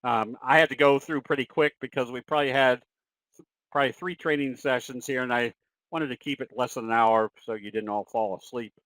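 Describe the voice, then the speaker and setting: A man's voice: medium pitch, fairly even intonation, brisk, a bit bright, dry recording, poor audio. A man presenting a trading webinar and answering questions, in a folksy, conversational way with fillers and self-corrections.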